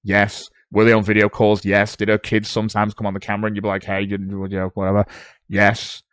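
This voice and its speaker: A man's voice: lowish voice, monotone, quick pace, fairly bright tone, dry recording. Sarcastic British man streaming, dry sound. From Britain. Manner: sarcastic, swears freely, talks back at what he reads. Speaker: livestreamer reading forum posts aloud. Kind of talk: casual livestream commentary.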